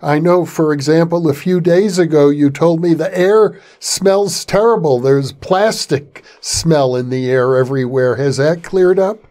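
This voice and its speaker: A man hosting an interview and asking his guest questions in a gentle, inquiring way. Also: fairly high pitch, a little slow, few pauses. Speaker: interviewer host.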